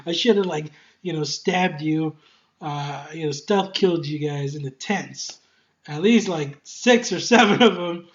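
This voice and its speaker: An excitable game reviewer talks casually at an unhurried pace in a mid-range voice, swearing often, laughing a lot and rambling with many fillers and restarts. The audio sounds dull.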